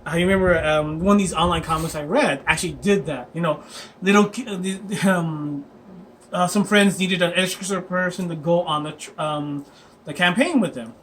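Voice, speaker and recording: A man's voice: sits high, moderate pace, a bit bright, slight background noise. A man chatting casually as a dungeon master, rambling and laughing with many fillers. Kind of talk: casual chat.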